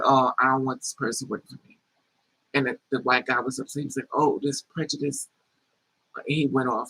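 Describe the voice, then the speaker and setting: A man's voice: fairly high pitch, gravelly, slightly rough, rough recording. A man telling a personal story in a casual vlog, animatedly acting out other people's quoted lines and swearing freely. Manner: animated retelling that acts out quoted dialogue. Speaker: vlogger.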